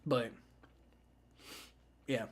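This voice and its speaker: A man hosting a live football reaction stream, talking casually and rambling, with frequent restarts and swearing. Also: extremely slow. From family from the American South. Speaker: livestream host.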